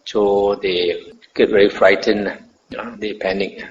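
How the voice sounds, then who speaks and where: A man, a Buddhist monk, giving a Dharma lecture: he reads scripture in a measured way, then explains it with many hesitations. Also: fairly low pitch, flat delivery, slight background noise. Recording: echoey hall, muffled lo-fi recording.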